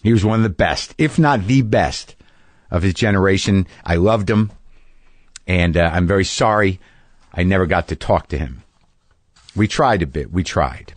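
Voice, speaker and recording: A man's voice: deep voice, lively intonation, normal speed, long pauses, dry recording. A middle-aged man hosting a podcast, talking in a rambling, casual way from his garage studio. He repeats his words and swears freely. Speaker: podcast host. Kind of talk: casual monologue. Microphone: studio mic in a home garage.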